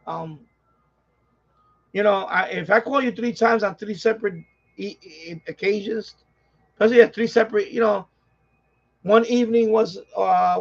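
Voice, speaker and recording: A man's voice: sits high, vocal fry, breathy edge. A man with a New York accent hosting a ham radio live stream, venting in an exasperated, repetitive way, on dull lo-fi audio. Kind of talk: casual live-stream rant.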